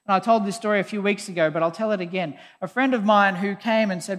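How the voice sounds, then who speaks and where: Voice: mid-range voice, brisk, few pauses. A preacher giving a conversational, emphatic sermon, often sounding exasperated. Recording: long hall reverb.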